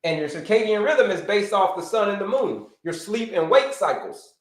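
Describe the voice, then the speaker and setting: A man's voice: sits high, expressive, moderate pace, reverberant. A man hosting a livestream health lesson. He teaches with energy, repeats his key points and greets viewers by name. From United States. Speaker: health coach, livestream host. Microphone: livestream setup.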